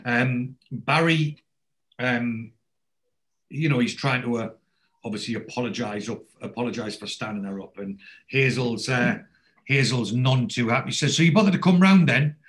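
A man in casual chat, retelling a TV episode and jumping into higher, louder voices for the characters he quotes. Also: steady tone, measured pace, pauses often.

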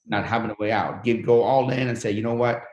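A man's voice: on the low side, fairly even intonation, quick pace, a little mellow, echoey room, highs cut off. A man who came to the country as a refugee, telling his life story in an interview in an earnest, motivational way. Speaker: guest.

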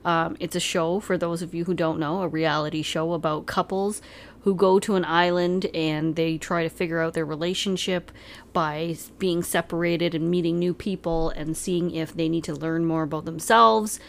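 A woman with a somewhat low voice chats with her partner on a relaxed home podcast. She pokes at him playfully and breaks into laughter often. A faint background hiss runs under the recording. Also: moderate pace, vocal fry. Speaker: podcast co-host. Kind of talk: casual couple chat.

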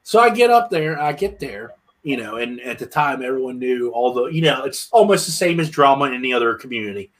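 A man's voice: mid-range voice, animated, a little fast, a bit bright. A man from Pennsylvania, a musician telling road stories in a casual, rambling way with many restarts. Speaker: musician guest. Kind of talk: casual storytelling.

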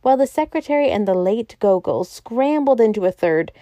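Woman audiobook narrator, measured, mellow, dry close read. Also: a little high, lively intonation, no echo. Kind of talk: scripted narration.

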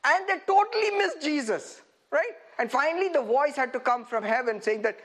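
High-voiced, animated male preacher. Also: moderate pace. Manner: animated, laughing, asks the audience rhetorical questions. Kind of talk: sermon.

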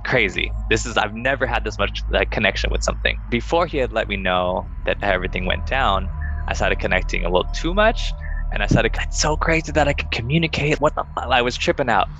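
A man's voice: on the low side, bright, forceful tone, poor audio. A man co-hosting a podcast, telling a story casually and acting out the quoted dialogue with animation. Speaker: podcast co-host.

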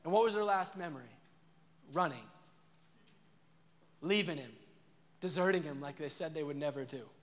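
A man's voice: fairly high pitch, moderate pace, pauses often, long reverb tail. A man preaching a sermon as pastor, earnest and repetitive, asking the crowd questions.

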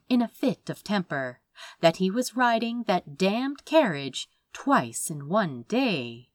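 A woman narrating a fantasy audiobook in a measured, expressive way. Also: lowish voice, no room sound.

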